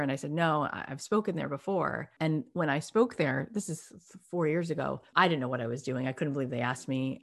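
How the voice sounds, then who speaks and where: A middle-aged woman telling a story in an animated, emphatic way in a casual conversation. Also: sits low. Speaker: podcast host and guest.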